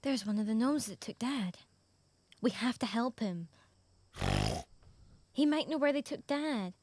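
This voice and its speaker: A woman voicing a brave, earnest young girl who wants to be a knight, in an animated story. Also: a little high, measured pace, no room sound. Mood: urgent. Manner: earnest, determined, bossy with her pig.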